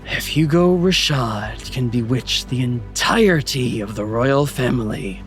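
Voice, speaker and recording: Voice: medium pitch, animated, a little slow. A brooding rogue, voiced by a game master in a tabletop game, speaking in grim, clipped lines full of suspicion. Faint music plays behind him.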